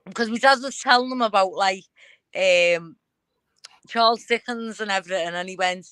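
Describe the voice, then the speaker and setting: A woman chatting on a fan show alongside her father, teasing and quick with a reply. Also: mid-range voice, fairly bright tone, smooth, no echo, clean studio sound. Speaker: guest, host's daughter. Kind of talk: casual chat.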